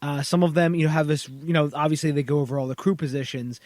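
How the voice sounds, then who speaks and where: A man's voice: a little high, fairly even intonation, quick pace, a little mellow, no echo. A man hosting a podcast interview, rambling casually with many restarts and "you know"s. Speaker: podcast host.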